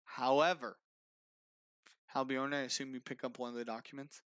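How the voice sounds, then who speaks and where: A male game master narrates a tabletop game in a middle pitch. His voice sounds dry and close. He leans on fillers and keeps clearing his throat. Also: flat delivery, normal speed, fairly bright tone, dry recording.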